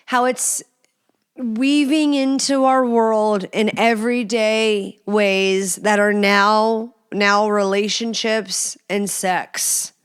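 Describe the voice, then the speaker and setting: A woman's voice: medium pitch, clear, resonant tone. A woman hosting a podcast in a casual monologue, blunt and crude, stretching words out for emphasis. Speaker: podcast host.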